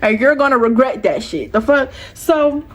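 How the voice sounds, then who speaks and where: A young woman vlogger telling a personal story to her viewers in an animated, heated, profane way. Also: sits high, normal speed.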